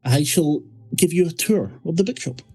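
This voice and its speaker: Brief: courteous old-fashioned bookseller, formal and unhurried, mellow tone, voiced by a man GM. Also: on the high side, lively intonation, husky, soft background music, voice pushed up.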